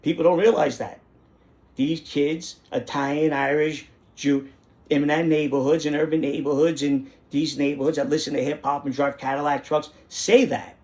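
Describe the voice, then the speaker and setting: A man's voice: on the high side, flat delivery, normal speed, darkish tone. A middle-aged man, hosting a casual monologue in an indignant, rambling way that repeats phrases for emphasis. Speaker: host.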